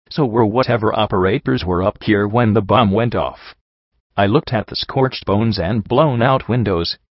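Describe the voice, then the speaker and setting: Low-voiced man narrating a story. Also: dry recording. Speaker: audiobook narrator. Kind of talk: first-person story narration. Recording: dull lo-fi recording.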